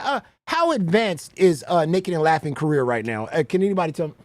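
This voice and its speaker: A man reacting to clips on a stream in casual commentary, animated and talking straight to the viewer, often saying "bro". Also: on the high side, brisk, hardly any pauses, no room sound.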